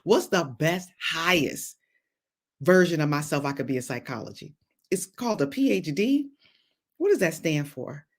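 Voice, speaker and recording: Woman, low-pitched, middle-aged, exhorting host, playful, preacher cadence. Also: lively intonation, normal speed. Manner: exhorting, preacher-like, greets viewers by name; laughs often, playful asides. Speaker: host and psychologist. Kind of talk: motivational faith talk on a live stream.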